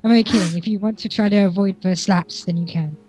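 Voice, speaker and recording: A woman's voice: on the low side, steady tone, a little fast, mellow. A young woman narrating a tabletop game as game master, laughing often and playful.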